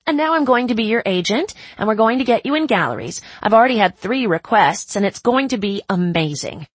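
A woman narrator puts on a bubbly, pushy woman friend who gushes with high, bright excitement. The voice is gravelly and husky, close and dry, and tumbles along with eager enthusiasm. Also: takes it slowly, no room sound, full character voice. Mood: gushing.

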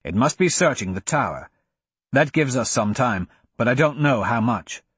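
A man voicing a calm thief who speaks low and measured in an audiobook. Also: slightly rough, dry recording.

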